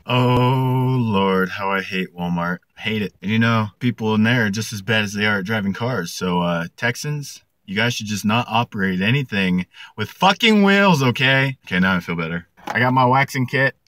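A man's voice: fairly low pitch, expressive, moderate pace, hardly any pauses, a bit bright, no room sound. A young man vlogging casually from his car, swearing, joking and ranting. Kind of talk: casual vlog talk. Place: car while driving.

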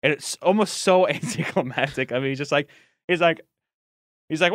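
A man co-hosting a podcast in casual chat, animated and often laughing, acting out film lines as he talks. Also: fairly high pitch, normal speed, no echo, studio quality. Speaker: podcast co-host.

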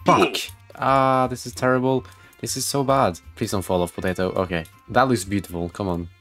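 A man with a fairly low voice gives running commentary while playing a game. He reads on-screen text aloud, swears freely and jumps between muttering and loud outbursts. Faint music sits underneath. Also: steady tone, fairly quick. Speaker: gaming video creator. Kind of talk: gameplay commentary.

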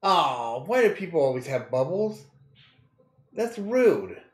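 A man's voice: a little high, very animated, slow pace, reverberant. A man casually commenting on a video game he plays, joking crudely, laughing often and reading game text aloud. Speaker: gaming streamer. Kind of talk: casual let's-play commentary.

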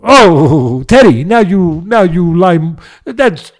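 A man putting on a loud, high teasing gym buddy with a Spanish accent. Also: very animated, slow, full character voice. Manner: high-pitched, loud and playful.

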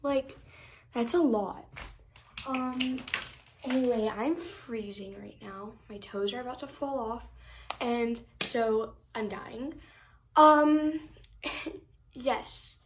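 A teenage girl rambles into her phone camera at home, slow and unhurried, piling on fillers and exaggerated complaints. Her voice sits a little high, and a faint hiss runs underneath. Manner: rambling, filler-heavy, dramatic about small things. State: out of breath. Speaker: vlogger. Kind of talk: casual vlog chat. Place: home, getting ready.

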